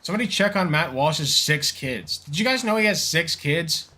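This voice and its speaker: A man's voice: on the high side, animated, moderate pace, pushed and bright, slight background noise. A young man streaming a game, riffing in rambling, profane jokes as casual commentary. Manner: rambling, profane, joking riffs. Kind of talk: casual livestream commentary while gaming.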